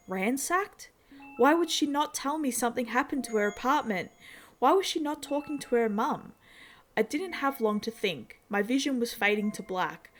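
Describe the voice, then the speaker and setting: A woman narrating a horror story in a measured, steady storytelling manner. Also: a little high, slight background noise.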